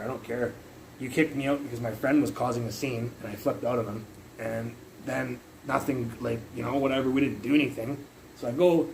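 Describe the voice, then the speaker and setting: A man's voice: mid-range voice, vocal fry, slight background noise, rough recording. Rambling, profane young man on a livestream. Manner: rambling, profane, animated retelling. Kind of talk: casual storytelling on a livestream. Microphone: phone.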